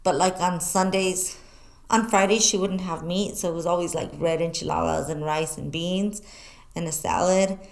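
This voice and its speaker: A woman co-hosting a talk show, telling animated stories in casual chat and swearing freely. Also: lowish voice, moderate pace. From New Mexico, US. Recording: echoey room.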